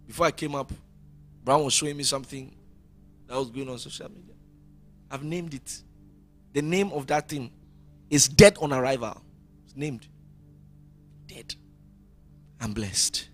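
A man preaching a sermon as pastor, rising loud and then dropping to quiet. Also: on the high side, lively intonation, normal speed, long pauses, slightly rough, soft background music.

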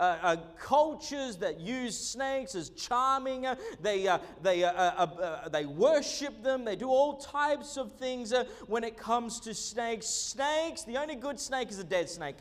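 Animated high-voiced male preacher, echoey hall. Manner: animated preaching with humorous asides and many fillers. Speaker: pastor. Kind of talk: sermon.

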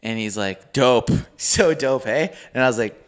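A young man from Canada co-hosting a podcast, telling a story in a loose, swearing, animated way and acting out the voices of people he quotes. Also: mid-range voice, unhurried, smooth. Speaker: podcast co-host. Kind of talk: casual storytelling chat.

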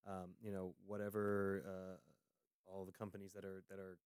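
A man with a low, smooth, resonant voice talks politics in a casual back-and-forth. The sound is close and dry, with no room around it. He trails off into fillers, then quickens when he presses a point. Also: completely flat delivery, darkish tone, no echo. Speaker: podcast co-host.

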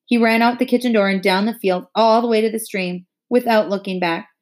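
A woman narrating a novel chapter aloud, expressive and rising with the emotion of the scene. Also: mid-range voice, a little fast.

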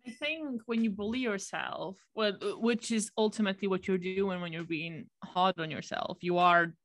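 A woman's voice: medium pitch, moderate pace, a bit bright. A woman with a mid-range voice, reflective and chatty. She speaks casually and fills her sentences with "like" and "you know". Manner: reflective, chatty, many fillers. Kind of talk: casual conversation.

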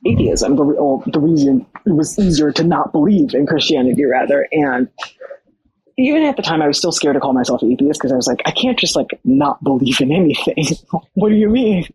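A young adult podcast guest telling a personal story in casual, animated talk full of "like". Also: mid-range voice, fairly quick, breathy edge, dry recording, poor audio. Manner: animated, many fillers like "like".

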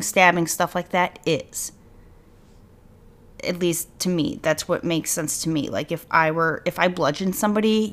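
Woman podcaster, lowish voice, casual and rambling, thinks out loud about a crime case. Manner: rambling and speculative, thinking aloud with many "like"s. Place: at home with her dog nearby.

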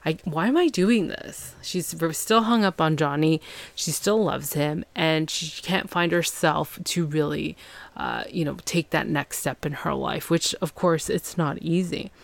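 Woman podcast host, low voice, chatty recap full of acted-out quotes, dry close recording. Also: unhurried, vocal fry, dry recording. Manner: chatty, acts out quotes with fillers and laughs. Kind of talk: casual TV recap.

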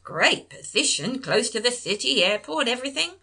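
A man's voice: very high-pitched, big pitch swings, moderate pace, creaky, sharp tone, breathy edge, pitched above the performer's own voice, heavily acted. A woman voicing an enthusiastic, easygoing grown son who talks casually. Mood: upbeat. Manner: casual, upbeat.

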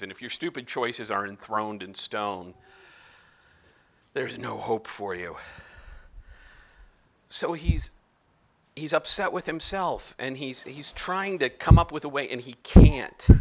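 A man giving a casual, animated Bible teaching, often slipping into quoted voices of the characters. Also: medium pitch.

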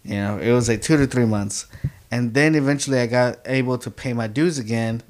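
A man's voice: medium pitch, brisk, slight background noise. Young man telling stories casually. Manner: animated storyteller, many fillers. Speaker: guest. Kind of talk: casual chat.

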